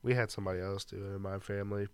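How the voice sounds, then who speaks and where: Young male podcast co-host, late twenties, low smooth voice, dry close studio sound, crude casual banter. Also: fairly even intonation, rapid-fire, dry recording. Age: 20s. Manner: laid-back, swears freely, laughs a lot. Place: small studio.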